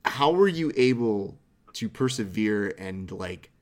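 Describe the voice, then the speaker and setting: A man's voice: lowish voice, lively intonation, slow pace. A man interviewing a fighter, asking questions in a supportive, conversational way. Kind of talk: casual interview.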